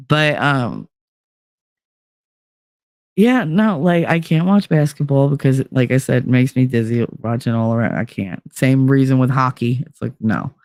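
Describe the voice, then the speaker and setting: A woman's voice: rumbling low, no room sound, clean studio sound. A woman hosting a podcast, talking casually and candidly in a monologue with plenty of swearing. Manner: candid, animated, swears freely. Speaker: podcast host.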